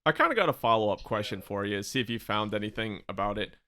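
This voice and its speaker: A man's voice: on the low side, lively intonation, quick pace, pushed and bright. A man hosting a casual podcast chat, joking and laughing often as he recaps an episode. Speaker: podcast host.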